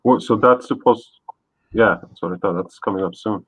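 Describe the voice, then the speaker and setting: A man's voice: fairly low pitch, normal speed, husky, dry recording, muffled recording. A man hosting a live stream, easygoing and chatty, reading out viewer comments. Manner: easygoing, reads chat comments aloud. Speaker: stream host. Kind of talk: casual chat on a live stream.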